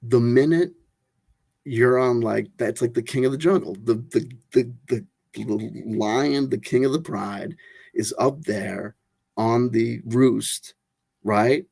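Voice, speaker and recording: Gravelly man rambling casually. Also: medium pitch, slow, darkish tone, no room sound. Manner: rambling, filler-heavy, with many restarts. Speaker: tarot channel host.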